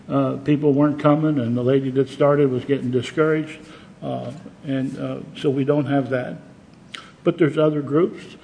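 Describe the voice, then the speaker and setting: A man's voice: a little high, darkish tone, slight background noise, poor audio. A man preaching a sermon as pastor, earnest and plain-spoken, with conversational asides to his congregation.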